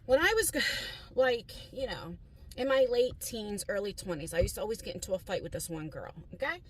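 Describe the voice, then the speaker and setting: A woman's voice: mid-range voice, expressive, brisk, a little hiss or hum, low-quality recording. A middle-aged woman chatting casually to her phone camera in a rambling, confiding vlog style, full of fillers. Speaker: vlogger. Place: car, then store aisles.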